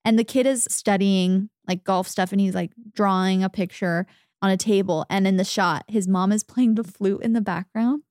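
Young female co-host, chatty and animated, mimics people in her stories, dry mic. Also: moderate pace, dry recording. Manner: animated storyteller, mimics people in high voices. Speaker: podcast co-host. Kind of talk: casual chat.

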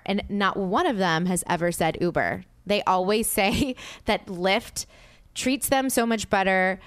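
A woman podcast host telling an animated story in casual chat, peppered with "like" and acted-out quotes. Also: mid-range voice, normal speed, clear, resonant tone, dry recording. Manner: animated storyteller, heavy use of "like"; acts out quoted dialogue with exasperation.

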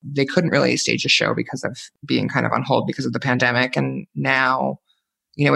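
A man's voice: mid-range voice, gravelly, a bit bright. A man co-hosting a podcast, telling campy, gossipy stories in casual chat. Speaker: podcast co-host, stylist.

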